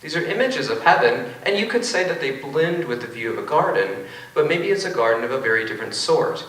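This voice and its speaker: A man with a bright, forceful voice gives a lecture-style debate talk, wry and full of joking asides. He is picked up from a distance in a big auditorium, and his words ring with heavy echo. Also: fairly high pitch, sing-song, a little fast. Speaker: philosophy professor. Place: large auditorium. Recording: echoey auditorium from far off.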